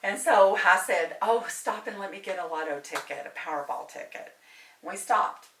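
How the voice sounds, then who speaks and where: A medium and tarot reader shares a story in relaxed conversation, chatty and animated with plenty of laughter. Her voice is medium-pitched at a moderate pace, and the distant-mic recording is roomy with faint noise.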